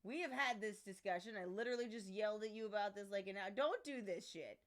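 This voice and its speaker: A woman streamer chatting casually at home, playfully scolding her cat, with loud outbursts and low mutters. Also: expressive, fast. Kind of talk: casual live-stream chat.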